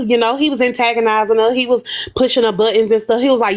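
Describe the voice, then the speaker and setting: A woman casually retelling livestream drama, animated and gossipy, slipping into the voices of the people she quotes. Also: a little high, fast talker, few pauses.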